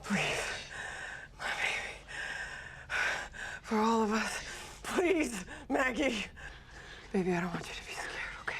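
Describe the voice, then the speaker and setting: An actress playing a young mother dying in childbirth, tearful and breathy, often sinking to a whisper. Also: a little high, expressive, takes it slowly, long pauses, fairly bright tone, exaggerated voice. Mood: pleading. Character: dying young mother in labour, tender, resolved. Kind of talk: TV drama acting.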